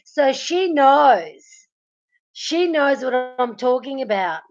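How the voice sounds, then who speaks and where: Speaking slowly but very animatedly in a high voice, this Melbourne streamer laughs constantly as she goes through the chat. She teases her viewers and calls them out by name, and the stream audio sounds dull and lo-fi.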